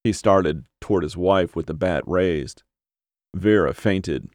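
Man narrating horror audiobook, very low voice, dry studio, steady and measured. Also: dry recording.

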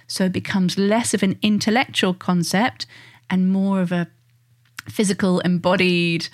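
A woman, a parenting coach talking earnestly and reassuringly to parents, acting out the quotes she gives. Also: on the low side. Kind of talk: direct-to-listener parenting advice.

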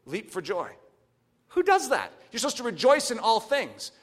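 Animated, high-voiced preaching man. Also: normal speed. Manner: animated preaching, swings from hushed to shouting. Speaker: pastor. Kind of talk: sermon.

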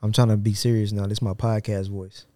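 A man's voice: on the low side, flat delivery, fairly quick, mellow, no room sound. A man co-hosting a casual podcast, joking and slangy, talking into a studio mic. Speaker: podcast co-host.

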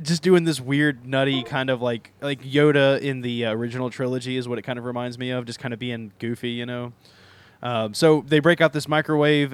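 A man co-hosting a casual podcast chat, an animated storyteller who retells scenes and laughs often. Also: mid-range voice, smooth. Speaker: podcast co-host. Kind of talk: casual chat recapping anime episodes.

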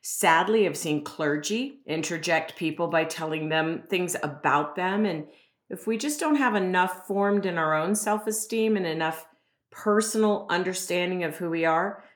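A woman's voice: on the low side, moderate pace. A woman guest speaking as an expert on a podcast, explaining earnestly and often checking in with "right?" and "you know". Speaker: guest expert on self-esteem. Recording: roomy echo.

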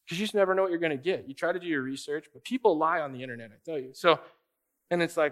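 A man delivers a sermon in a loose, conversational style. He slips into quoted voices and leans hard on his key points. His voice sits slightly higher than most men's. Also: fast talker, fairly bright tone. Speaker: pastor.

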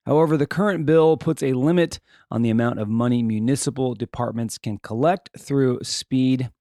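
A man's voice: medium pitch, normal speed, mellow, dry recording, studio quality. A man hosting a podcast, reading odd news stories and adding joking, off-the-cuff asides. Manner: reads odd news items then riffs jokingly. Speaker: podcast host. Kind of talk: casual news commentary.

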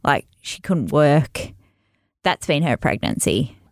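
A woman with a lowish, gravelly voice tells a story in casual chat, animated and laughing often. She acts out what people said. The sound is dry and close. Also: slow, no echo.

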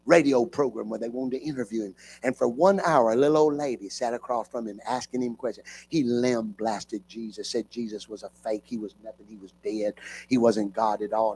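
Gravelly fervent preacher man. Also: medium pitch. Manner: fervent, rising from talk to shouting. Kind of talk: revival sermon. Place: church with live congregation.

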